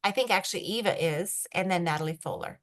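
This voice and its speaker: A woman's voice: fairly low pitch, fast. Canadian woman rambling on a call. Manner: rambling, filler-heavy, self-described introverted. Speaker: guest brand ambassador. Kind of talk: casual team call chat.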